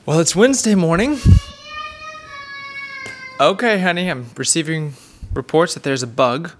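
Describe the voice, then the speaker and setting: Low-voiced mother hosting a family podcast. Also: unhurried, faint music behind. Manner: gentle, encouraging teacher tone. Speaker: podcast host and homeschooling mother. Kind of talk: casual family podcast chat.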